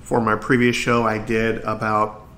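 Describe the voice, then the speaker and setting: Earnest podcast host man, faint rumble. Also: monotone, a little slow, fairly bright tone. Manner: earnest, encouraging, trips over his words. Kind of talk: solo podcast talk.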